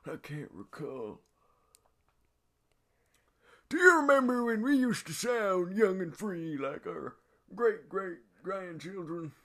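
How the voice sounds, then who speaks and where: A scatterbrained old man hosting a podcast, performed by a man. His voice sits high and keeps wandering from one silly tangent to the next, forgetting what he just said. It is loose, improvised sketch comedy. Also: sing-song, slow, pauses often, a bit bright, full character voice. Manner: goofy, rambling, easily sidetracked. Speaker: podcast co-host.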